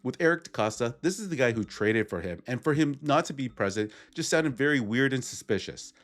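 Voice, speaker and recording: A man hosting a sports commentary video, recapping a clip in a plain, opinionated way. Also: mid-range voice. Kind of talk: scripted commentary.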